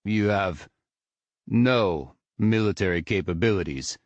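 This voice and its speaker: A man voicing a young alien lieutenant who speaks gruffly and formally. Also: lowish voice, a little slow, no echo, dull audio, close to an everyday voice. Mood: stern.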